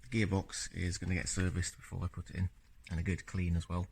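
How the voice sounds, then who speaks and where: A man talking casually through his car-repair video diary on a handheld phone camera, relaxed and rambling with lots of fillers. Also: sits low, a little fast, gravelly, slightly rough. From Scotland.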